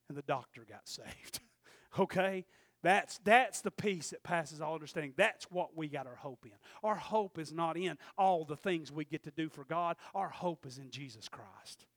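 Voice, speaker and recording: A man preaching a sermon as pastor, swinging from quiet storytelling to fervent shouting. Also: a little high, animated, normal speed, dry recording, studio quality.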